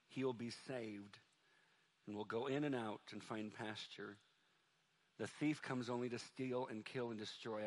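A male pastor preaching a sermon in a church, moving between loud, fervent stretches and soft, quiet appeals to the congregation. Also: medium pitch. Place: church sanctuary.

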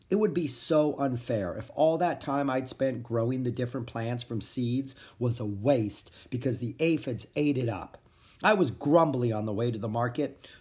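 An expressive reader narrating a children's storybook aloud in first person. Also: medium pitch, moderate pace. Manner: expressive, animated. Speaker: audiobook narrator.

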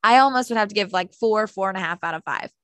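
A woman co-hosting a podcast, recapping a TV series in loose casual chat. She talks at a medium pitch in a dry, close recording. She acts out the characters' lines as she goes and fills her talk with "like". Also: fast, no echo. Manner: animated retelling, acts out characters' lines, lots of "like". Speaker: podcast co-host.

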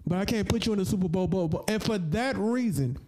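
A man co-hosting a casual football picks show, animated and stammering as he talks through his choice. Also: fast talker. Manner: animated, stammering, dramatic swings in pitch. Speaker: podcast co-host making picks. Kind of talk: casual sports banter.

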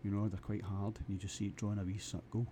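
A man's voice: on the low side, little pitch movement, fast, dark tone, slight background noise. A Scottish man delivering a rambling comic monologue to camera, crude and full of stammered restarts. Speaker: vlogger.

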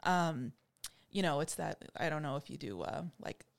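A woman's voice: low-pitched, expressive, moderate pace, gravelly. A woman who teaches English, talking casually on a podcast with plenty of fillers and easy laughter. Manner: chatty, lots of fillers, laughs easily.

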